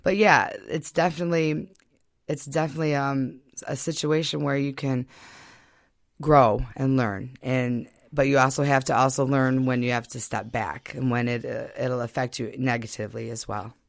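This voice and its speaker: A woman's voice: very deep voice, fairly even intonation, normal speed, gravelly, no room sound. A woman from Michigan, a guest chatting in a radio studio, talking casually with lots of fillers. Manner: chatty, many fillers and laughs.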